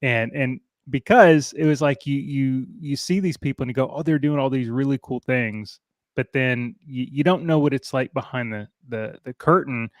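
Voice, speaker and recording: A man hosts a podcast at a middle pitch. He tells stories haltingly and stumbles over repeated words. His voice sits dry and close, without any roominess. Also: no echo. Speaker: podcast host. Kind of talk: casual conversation.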